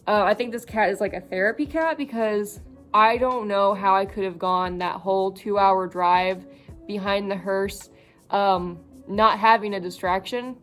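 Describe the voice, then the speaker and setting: A young woman vlogger talking casually about her cat, halting with many fillers and fighting back tears. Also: mid-range voice, fairly bright tone. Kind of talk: casual vlog.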